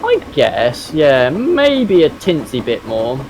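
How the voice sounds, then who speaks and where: A man's voice: on the high side, huge pitch swings, slow pace, a little mellow, a little hiss or hum, poor audio. A man on a live stream explaining things casually, with hesitant, loose phrasing and lots of fillers. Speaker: stream participant.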